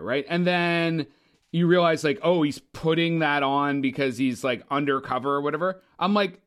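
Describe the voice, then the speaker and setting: A man co-hosting a casual movie podcast, talking in an animated, opinionated way with frequent swearing. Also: on the high side, moderate pace. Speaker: podcast co-host. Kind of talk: casual movie review chat.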